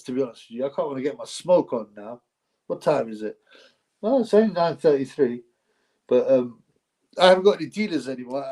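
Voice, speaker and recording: A man's voice: mid-range voice, mellow. A man hosting a casual live stream, rambling, repeating himself, and effusively thanking donors. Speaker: livestream host reading donations.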